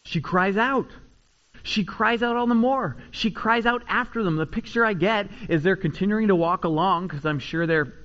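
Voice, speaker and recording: Pastor, male, highish voice, animated preaching, muffled lo-fi recording. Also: moderate pace. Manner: animated preaching, rising loud on acted cries, dropping low and quiet for asides. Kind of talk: sermon.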